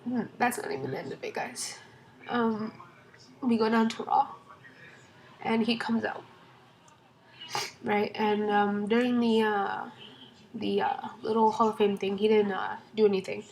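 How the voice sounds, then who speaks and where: Excited young woman rambling through a storytime. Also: medium pitch, a little slow, pauses often, rough recording. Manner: excited, rambling with many fillers. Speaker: vlogger. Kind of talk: casual storytime vlog.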